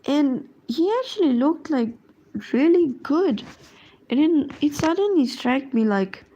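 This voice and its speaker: A woman's voice: high-pitched, lively intonation, a little slow, mellow, lo-fi sound, a little hiss or hum. A woman chatting casually while she draws, rambling along with lots of fillers and trailing thoughts. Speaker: drawing streamer. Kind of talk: casual chat while drawing.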